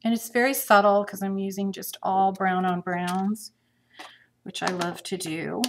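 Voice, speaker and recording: A middle-aged woman walks viewers through a craft project live, chatting and thinking aloud as she works. She talks at an unhurried pace with a voice of ordinary pitch. A faint hiss sits under her voice. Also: little pitch movement. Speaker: craft demonstrator.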